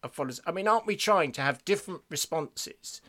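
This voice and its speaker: A man co-hosting a faith podcast, chatty and quick to laugh, slowing down to stress a point. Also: a little high, expressive, bright, forceful tone. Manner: chatty, laughs easily, slows down for emphasis. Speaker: podcast co-host reading listener emails. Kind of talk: casual faith discussion.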